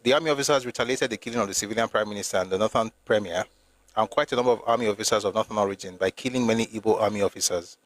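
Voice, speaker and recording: Nigerian man, low-pitched, casual live-stream host, reads aloud, spars with viewers. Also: very fast. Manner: argumentative with commenters, rising to emphatic at times. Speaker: host reading and discussing history with live viewers.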